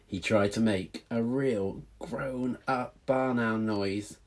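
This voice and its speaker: A male teacher reading a storybook aloud to children in a playful, animated way. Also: fairly low pitch, slow pace.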